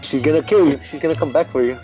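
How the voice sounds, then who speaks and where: A man's voice: fairly high pitch, quick pace, mellow, soft background music. A man chatting as a podcast guest, easygoing and self-deprecating. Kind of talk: casual chat.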